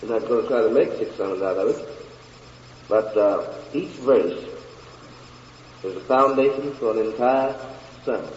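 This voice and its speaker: A man preaching a sermon and reading scripture slowly and deliberately, with long pauses between phrases. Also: medium pitch, darkish tone, roomy sound, long reverb tail, muffled recording, slight background noise.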